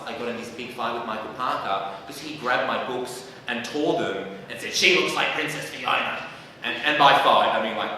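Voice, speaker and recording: Sassy young Australian comedian in an echoey hall. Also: male voice, mid-range voice, sharp tone, slight background noise. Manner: self-mocking, sassy, hesitant with many ums. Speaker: stand-up comedian. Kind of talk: stand-up storytelling. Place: live theatre stage. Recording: echoey hall, mic from far off.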